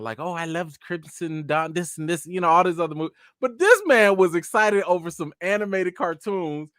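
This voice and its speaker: A man hosting a casual live chat, telling stories in an animated, slangy way and talking straight to his viewers. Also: on the high side, no room sound, studio quality. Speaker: host.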